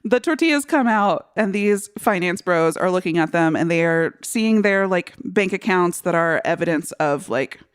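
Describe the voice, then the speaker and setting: A woman's voice: fairly low pitch, normal speed, hardly any pauses, clear, resonant tone. A woman co-hosting a podcast, chatting casually about a film and acting out scenes with lots of laughter. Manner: animated retelling, acts out lines, laughs often. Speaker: podcast co-host. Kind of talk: casual movie chat.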